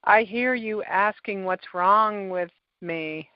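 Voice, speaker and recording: A woman gently leads a tapping session, giving calm, step-by-step prompts at a middling pitch. Her voice is dry and close. The recording is dull and lo-fi. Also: slow, smooth, dry recording. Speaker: tapping practitioner and podcast host. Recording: dull, lo-fi sound.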